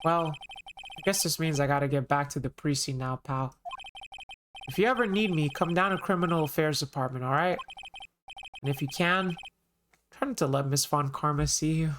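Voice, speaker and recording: A woman's voice: low-pitched, normal speed, long pauses, slight background noise, natural voice. Woman doing a bumbling, folksy police detective guy. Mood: nervous. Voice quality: folksy, says pal. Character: bumbling adult male police detective, good-natured. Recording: game music underneath.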